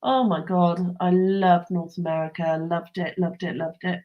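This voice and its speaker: A woman's voice: lowish voice, little pitch movement, moderate pace, highs cut off. A woman, chatting casually with live viewers, enthusiastic and laughing often. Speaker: host.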